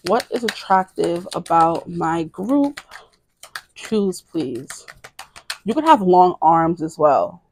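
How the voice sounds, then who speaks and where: A woman's voice: fairly low pitch, darkish tone, no echo. A woman in her twenties giving a casual tarot reading to camera, rambling, correcting herself and giggling. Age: 20s. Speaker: tarot reader.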